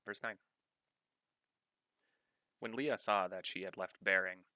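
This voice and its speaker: A man with a low, forceful voice reads scripture aloud, working slowly and deliberately through verses and their study notes. The sound is dry and close. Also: fairly even intonation, dry recording. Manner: measured, deliberate reading, pausing to cite references. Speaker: scripture reader. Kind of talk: reading scripture aloud with study-note commentary.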